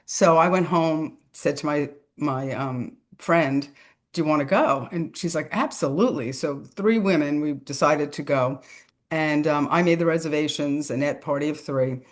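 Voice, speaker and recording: Middle-aged woman, low register, chatty interview guest, animated storyteller who laughs between phrases. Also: a little slow. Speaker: podcast guest, author.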